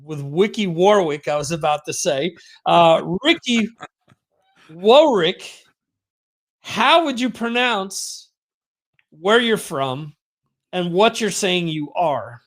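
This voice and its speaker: A man's voice: high voice, animated, slow pace, long pauses. A middle-aged man hosting a podcast in a rambling, self-mocking casual chat. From United States. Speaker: podcast host.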